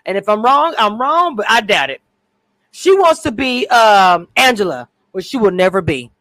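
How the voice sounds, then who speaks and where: A woman's voice: mid-range voice, very animated, moderate pace, fairly bright tone, no echo. A woman co-hosting a casual recap chat over a video call, talkative and prone to drifting off topic with many restarts. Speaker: co-host.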